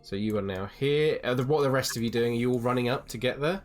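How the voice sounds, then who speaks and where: A man acting as dungeon master, narrating the scene and calling for rolls in a relaxed way. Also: mid-range voice, fast. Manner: relaxed, explains rules and asks for checks. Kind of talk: narrating a tabletop game.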